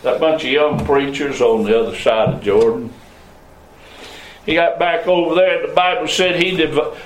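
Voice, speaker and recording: Fields: man preaching in an echoey hall. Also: a little hiss or hum. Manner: preaching with sharp swings between loud high calls and low murmurs. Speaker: pastor. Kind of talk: sermon. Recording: echoey room, voice from a distance.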